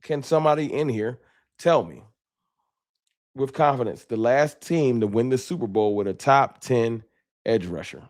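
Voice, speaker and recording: A man with a slight lisp hosting a casual sports talk live stream, talking straight to his chat in slangy, animated bursts. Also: medium pitch, moderate pace.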